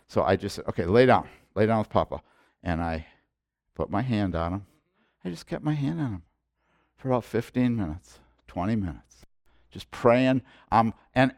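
An older man delivers a sermon in a mid-range voice, close to the mic with almost no room sound. He talks like he is telling a story, swinging between quiet asides and loud bursts of preaching. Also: medium pitch, no echo. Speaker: pastor.

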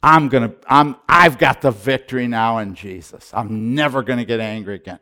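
A middle-aged man preaching a sermon as a pastor, retelling his prayers and moving between hushed and loud delivery, often repeating and restarting his words. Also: medium pitch, moderate pace. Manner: repetitive restarts and stammers when excited. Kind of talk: sermon storytelling.

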